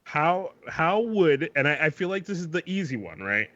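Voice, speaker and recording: A man's voice: a little high, big pitch swings, moderate pace, a bit bright. Rambling man on a dull lo-fi line. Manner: rambling, swears freely, restarts sentences. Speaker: podcast co-host. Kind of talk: casual podcast banter.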